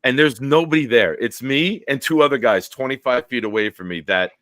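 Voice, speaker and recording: A man hosting a casual livestream chat, telling rambling, excitable stories. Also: medium pitch, fairly quick, dry recording. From Northeastern US. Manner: rambling, excitable storyteller who swears casually. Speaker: host.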